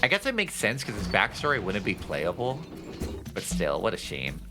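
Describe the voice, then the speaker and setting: Chatty joking male streamer, lively. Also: on the low side, normal speed, over music. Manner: chatty, joking, swears freely. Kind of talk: casual gameplay commentary.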